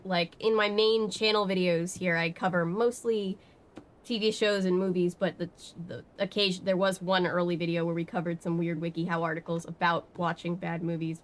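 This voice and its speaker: A woman streaming from home, chatting casually and rambling with many fillers while she answers her chat. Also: on the low side. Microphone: webcam setup.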